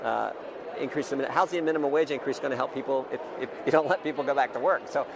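Gravelly-voiced man amid street traffic. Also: medium pitch. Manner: quick, halting, with restarts. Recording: clip with outdoor traffic noise.

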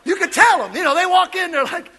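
A male pastor delivers a sermon in a church with a very high, bright voice. He swoops all over his range, calling out lines for the congregation to repeat. His energy is playful and he breaks into laughter often. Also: animated, fast talker, slight background noise.

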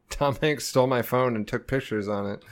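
A man's voice: mid-range voice, darkish tone. A man co-hosting a podcast, chatting about games and teasing with laughs. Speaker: podcast co-host. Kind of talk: casual chat.

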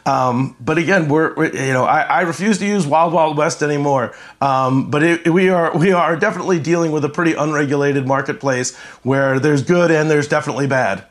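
A man talking through college sports business in a measured, explanatory way, with frequent fillers and restarts. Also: on the high side. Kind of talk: conversational sports talk.

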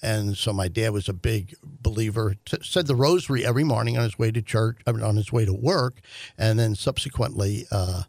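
An older man, telling a family story in a halting way with many fillers and restarts. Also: fairly low pitch, a little mellow, no echo. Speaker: guest, host's father. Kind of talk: conversational storytelling.

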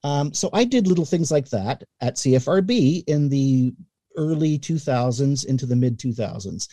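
A middle-aged man from Canada spins anecdotes about his career in a relaxed, easygoing interview. His voice is very mellow and dark-toned, and he livens up his stories by acting out the people he quotes. The recording is dry and close, with no room sound. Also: mid-range voice, moderate pace, dry recording. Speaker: guest, newspaper columnist and radio voice. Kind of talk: casual interview storytelling.

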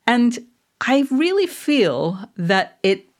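A woman's voice: fairly high pitch, very animated, takes it slowly. A middle-aged woman from Manchester with a mid-Atlantic accent, co-hosting a podcast in wry, reflective casual chat and laughing easily. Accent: mid-Atlantic with Mancunian roots. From Manchester, England. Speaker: podcast co-host.

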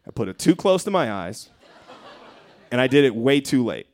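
A man from Denver, Colorado, telling a comic story on stage at a live show, animated and profane, acting out his own panic. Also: mid-range voice, moderate pace. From Denver, Colorado, USA. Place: theater stage before a live audience.

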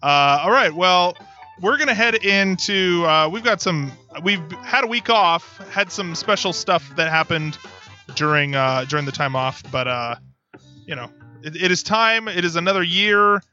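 A man's voice: sits high, animated, measured pace, pushed and bright, faint music behind. A man hosting a casual podcast, rambling and jokey, often correcting himself mid-sentence. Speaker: podcast host. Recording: dull lo-fi podcast audio.

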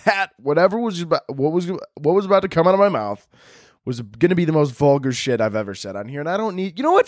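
A man's voice: a little high, no room sound, studio quality. A young man hosting a podcast, ranting in a crude, rambling comedic monologue and laughing often. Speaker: podcast host.

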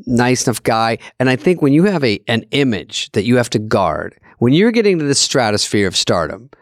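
A man's voice: mid-range voice, sing-song, moderate pace, no echo. Rambling, self-deprecating man, dry close sound. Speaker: podcast co-host. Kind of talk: casual comedic chat.

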